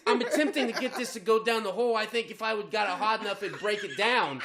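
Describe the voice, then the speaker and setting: A man co-hosting a comedy podcast who tells a profane, animated story and keeps laughing as he talks. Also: high-pitched, fast talker, few pauses, crowd noise. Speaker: podcast co-host.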